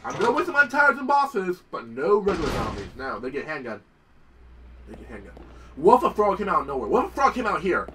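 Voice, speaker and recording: High excitable young gamer guy. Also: quick pace, far from the mic, a little hiss or hum, poor audio. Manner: excitable, swears, shrieks when startled. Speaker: gameplay commentator. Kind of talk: casual let's-play commentary.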